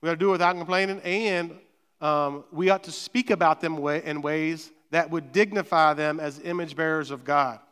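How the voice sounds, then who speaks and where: A man's voice: a little high, steady tone, moderate pace, fairly bright tone, clean tone, big-room sound. A man preaching a sermon in a conversational, repetitive way, often asking "right?". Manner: conversational, repeats words, frequent "right?". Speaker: pastor. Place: church sanctuary.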